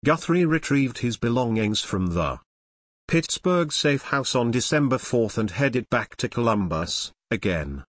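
Male narrator for a true-crime book: measured and expressive, with a lively rise and fall, recorded dry. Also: medium pitch, no room sound.

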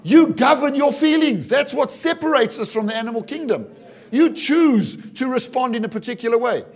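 Pastor, middle-aged man, high voice, animated preaching with jokes and calls to the congregation. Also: moderate pace. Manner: animated, jokey preaching with acted-out asides and calls of "Amen?". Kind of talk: sermon.

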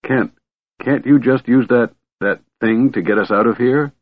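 A man's voice: mid-range voice, measured pace, no echo, voice pushed up, natural voice. A man doing a weary, pleading warrior. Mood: hesitant. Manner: weak, pleading, hesitant. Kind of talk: audiobook character reading. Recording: tinny phone-like audio.

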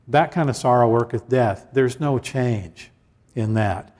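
Guy preaching a sermon, chatty, keeps restarting, middle pitched voice, long echo like a big church. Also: unhurried, a little mellow. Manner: conversational preaching, many restarts and asides, reads scripture aloud. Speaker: pastor. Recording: hall reverb.

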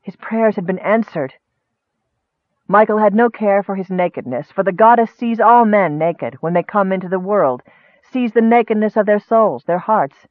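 A man narrating a fantasy audiobook in a measured, expressive way. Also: high voice, no room sound. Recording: dry, tinny, narrow-band.

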